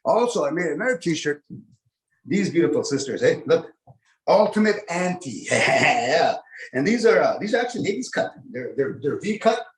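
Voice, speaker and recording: A man's voice: on the high side, sing-song, moderate pace, low-quality recording. A man doing casual stand-up comedy from his home over a video call, chatty with lots of "eh" and "you know".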